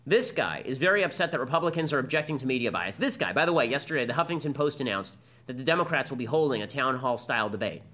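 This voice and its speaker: Fast and combative, a male podcast host runs through a political monologue. His voice sits at medium pitch, with lively intonation and a sharp tone.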